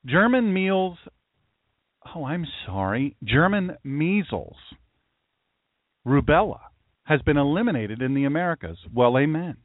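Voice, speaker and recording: A man, a pastor, giving a mocking, animated commentary monologue and talking to an imagined audience. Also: on the high side, unhurried, pauses often, dry recording. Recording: tinny phone-like dry sound.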